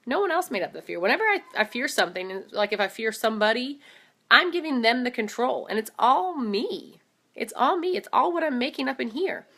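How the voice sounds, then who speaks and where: A woman in her thirties giving an animated, casual motivational talk to camera, often calling her viewers "guys". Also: a little high, a little fast. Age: 30s. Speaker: motivational vlogger.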